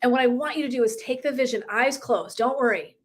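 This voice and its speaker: A woman's voice: a little high, fast. A woman coach giving a live motivational talk, emphatic and profane, who laughs often and acts out little dialogues. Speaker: wellness and life coach.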